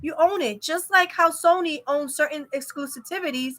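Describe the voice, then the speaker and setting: A woman's voice: high voice, moderate pace, fairly bright tone. A young adult woman hosting a casual live-stream chat, giving an opinionated, rambling rant full of fillers. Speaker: vlog host.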